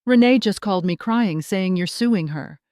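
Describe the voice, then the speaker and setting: A worried grown son who sounds panicked and sorry, as a woman narrator puts him on. The voice keeps a middle pitch and a dry, close sound. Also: moderate pace, mellow, no echo, close to an everyday voice. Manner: panicked, apologetic.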